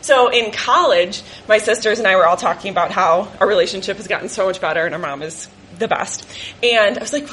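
A woman in her twenties telling a personal story live on stage, animated and laughing often as she acts out family voices. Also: mid-range voice, fast, slight background noise.

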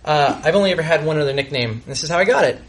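A young man telling a self-deprecating true story on stage before a live audience, halting and restarting his sentences. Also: on the high side, lively intonation.

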